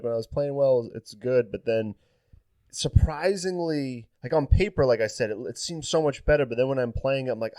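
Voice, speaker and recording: A man's voice: medium pitch, a little mellow, no echo, studio quality. A young man co-hosting a casual gaming podcast, rambling with lots of fillers and restarts. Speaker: podcast co-host.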